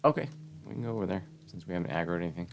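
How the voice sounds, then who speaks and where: Very deep, gravelly man streaming a game. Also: expressive, very fast, crowd noise. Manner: rambling, chatty. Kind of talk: casual gameplay chat.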